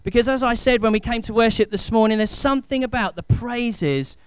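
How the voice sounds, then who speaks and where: Man, 30s, pastor, enthusiastic family sermon, high clear voice, dry sound. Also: fairly quick, dry recording. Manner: chatty, enthusiastic, rising to emphatic. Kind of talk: family church talk. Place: church.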